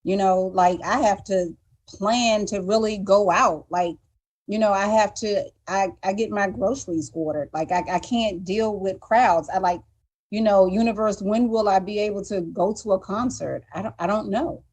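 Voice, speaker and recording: A woman's voice: medium pitch, normal speed, darkish tone. A woman guest on a live talk show, speaking earnestly and emotionally, often repeating words as she restarts her sentences. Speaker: guest telling her story. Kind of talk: candid live-show conversation.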